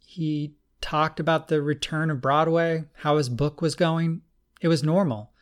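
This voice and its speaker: A man's voice: on the high side, fairly even intonation, unhurried, pitched above the performer's own voice, natural voice. A man voicing a shaky grieving young man. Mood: subdued.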